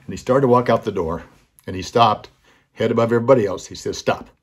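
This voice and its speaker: An older man with a deep, slightly husky voice hosts a weekly talk segment. He tells a personal story in an earnest, heartfelt way and brings the people in it to life by acting out their lines. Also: fast. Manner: earnest, acts out quoted voices. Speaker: host.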